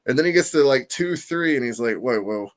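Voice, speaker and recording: Animated, swearing man telling a story. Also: on the high side, fast. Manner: animated, profane, lots of "you know what I mean"; acts out quoted voices, laughs often. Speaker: comic artist guest. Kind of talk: casual storytelling interview.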